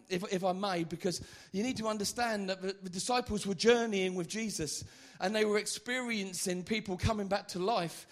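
A man preaching an animated, comic evangelistic sermon at a church meeting, acting out the stories he tells. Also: high-pitched. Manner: animated, comic storytelling with acted-out voices.

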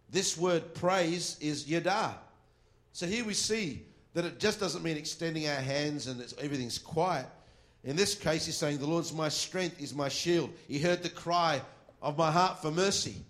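Male preacher, slightly higher than average voice, earnest sermon delivery, slow deliberate scripture reading. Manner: earnest, reads scripture aloud slowly and firmly; drops to quiet asides.

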